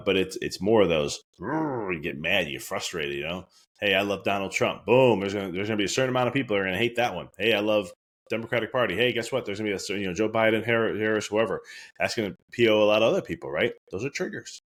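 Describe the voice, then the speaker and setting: A man with a very low, deep voice delivers a heartfelt motivational podcast talk. He speaks earnestly and with emphasis, and he often says a key line twice. When he acts out his own thoughts, his voice leaps far higher. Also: a bit bright. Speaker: wellness speaker.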